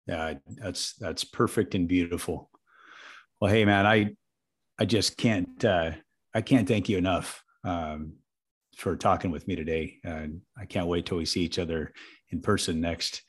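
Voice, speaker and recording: A man hosting a casual heartfelt conversation, affectionate and soft-spoken, pausing often with fillers. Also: low-pitched, fairly even intonation, breathy edge. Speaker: host.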